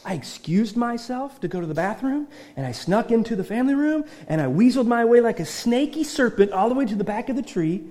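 A pastor preaching a sermon, swinging from hushed, close talk to loud shouting and often repeating and restarting his phrases. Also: high voice, lively intonation, normal speed.

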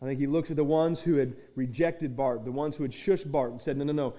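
A man preaching a sermon to his church. He moves between shouted, rising lines and quiet conversational asides, and he acts out small dialogues. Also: medium pitch, fairly even intonation, fairly quick. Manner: restarts and acts out little dialogues. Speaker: pastor.

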